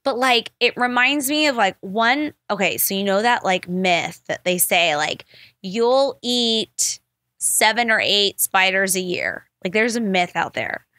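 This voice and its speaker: Animated woman podcast host, dry sound. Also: medium pitch, a little slow, no echo. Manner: animated, full of "like" fillers and swearing. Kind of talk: casual storytelling chat.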